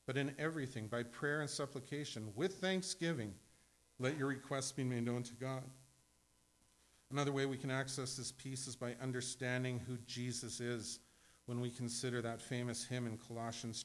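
A middle-aged male pastor preaching a sermon in a conversational way, with asides and quick self-corrections. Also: mid-range voice.

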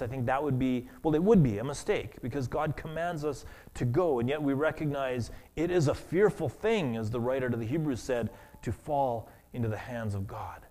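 A man preaching a sermon as pastor, earnest and halting, often restarting his words. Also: medium pitch, darkish tone.

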